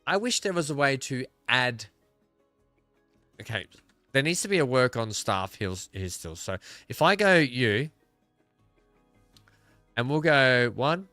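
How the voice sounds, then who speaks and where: A man's voice: mid-range voice, big pitch swings, slow pace, long pauses, sharp tone, no room sound, faint music behind. An Australian man giving casual, rambling gameplay commentary, thinking aloud as he plays. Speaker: gaming video creator.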